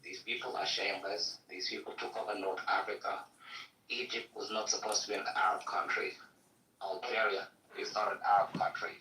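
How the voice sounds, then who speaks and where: A man's voice: on the low side, little pitch movement, a little fast, sharp tone, slight background noise, poor audio. A man arguing bluntly and insistently as a debate panelist, swearing freely. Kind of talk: heated debate.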